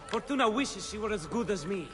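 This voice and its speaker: An actor playing a boastful, cheeky young gambler. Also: male voice, high voice, animated, fairly quick, in a large hall. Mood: cocky. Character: young male cocky gambling apprentice.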